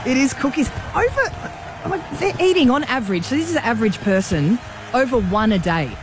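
Lively woman radio co-host. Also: on the high side, fast talker, noisy background. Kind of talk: breakfast radio banter.

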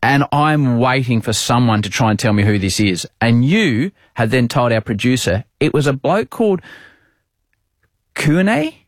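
Brief: lively Australian male host, self-mocking storyteller, dry close sound. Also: mid-range voice, a little slow, no echo. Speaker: podcast host, sports broadcaster. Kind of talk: casual storytelling chat.

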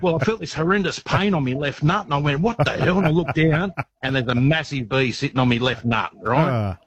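A man's voice: on the high side, brisk, fairly bright tone, husky. An Australian man calling in to a radio show, telling a rambling, colourful story. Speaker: caller. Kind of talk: storytelling phone call. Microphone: phone line. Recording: dull phone line.

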